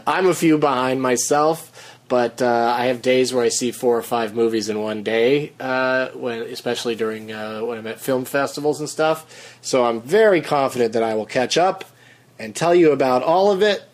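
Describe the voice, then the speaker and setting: Relaxed man hosting a podcast. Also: medium pitch, moderate pace. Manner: relaxed and rambling, with many fillers. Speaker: podcast host. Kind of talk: casual podcast chat.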